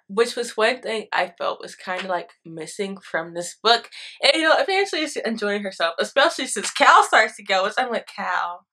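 A young woman casually reviewing a book on video, chatty and animated, with lots of fillers and quick laughs. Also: on the high side.

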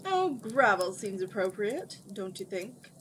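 A woman's voice: medium pitch, big pitch swings, a little slow, a bit bright, slight background noise, poor audio. A woman reading as a smug, pompous wizard. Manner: haughty, grandly theatrical, shrieking when crossed. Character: smug pompous male wizard, theatrical and vain.

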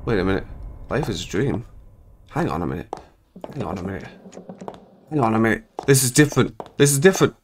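A young man giving jokey, excitable commentary while playing a horror game, swearing when startled. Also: fairly low pitch, a little fast, long pauses, a little hiss or hum. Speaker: gaming video creator.

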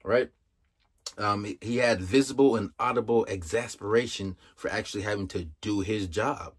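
A man's voice: fairly low pitch, moderate pace, husky. A young man giving casual, emphatic commentary, exasperated and full of rhetorical questions.

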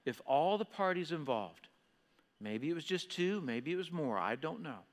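Male pastor, high voice, lively sermon delivery, long church-hall reverb. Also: moderate pace. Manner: animated preaching, acts out listeners' voices. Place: church auditorium.

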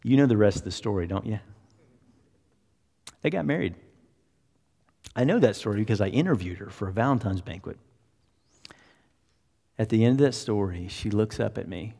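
A pastor tells a story from the pulpit in a relaxed, conversational way, acting out the people in it. His voice sits on the low side for a man. The sound carries a long reverb from a large church hall. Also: normal speed, vocal fry, pauses often. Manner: conversational, anecdotal, acts out quotes. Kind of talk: sermon storytelling.

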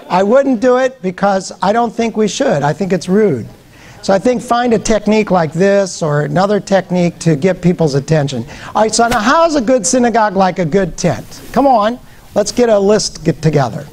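Male lecturer, higher register, energetic and interactive with the audience, faint crowd in the room. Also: moderate pace. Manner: lively, joking, engages the crowd directly. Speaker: guest speaker, education professor.

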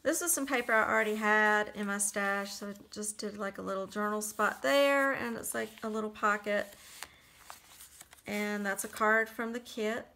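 A woman casually talking through a handmade journal she made, chatty and relaxed with lots of little fillers. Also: mid-range voice, normal speed, a little hiss or hum. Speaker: crafter showing a handmade journal. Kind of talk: casual flip-through narration.

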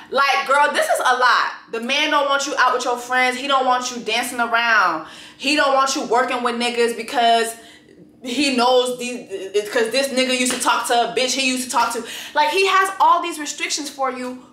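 A young woman hosting a casual review show, talking bluntly and profanely with sudden loud exclamations. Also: a little high, echoey room. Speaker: YouTube show host.

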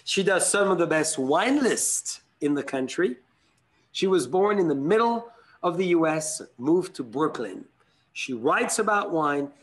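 Male host, high voice, theatrical and flattering, on a video call. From France. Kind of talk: live video interview.

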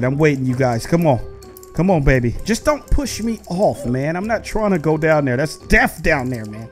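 High-voiced excitable man narrating gameplay. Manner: excitable, talks straight to viewers. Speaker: gaming video host. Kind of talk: casual gameplay commentary.

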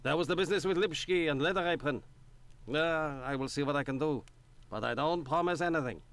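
A man's voice: on the high side, brisk, a bit bright. An actor playing a guarded, earnest Jewish man in Victorian London in a video game, explaining things earnestly.

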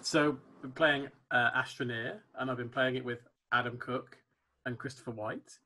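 A man's voice: medium pitch, steady tone, moderate pace, pushed and bright. A man co-hosting a casual gaming podcast, with a posh-sounding, good-humoured manner. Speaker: podcast co-host.

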